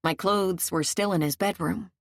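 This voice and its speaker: A woman reading a first-person audiobook, frank and measured in her telling. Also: fairly low pitch, creaky, no room sound, clean studio sound. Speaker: audiobook narrator.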